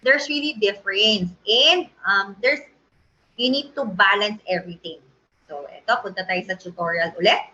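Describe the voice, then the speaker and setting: A woman's voice: mid-range voice, moderate pace, pushed and bright, dull audio. A woman with a Filipino accent, teaching a design tutorial in a chatty way and often checking that listeners agree. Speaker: design instructor. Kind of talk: screen-share tutorial lesson.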